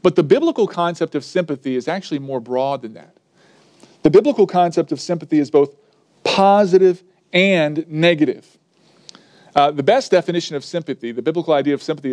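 A man's voice: a little high, darkish tone. A man preaching a sermon, earnest and emphatic, sometimes acting out the people he quotes. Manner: earnest, varied emphasis, acts out quoted speakers.

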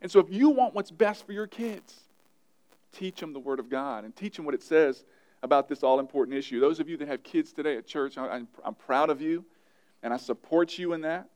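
A man's voice: on the high side, fairly quick, darkish tone. A male pastor, around his thirties, preaching an emphatic sermon and repeating his key phrases.

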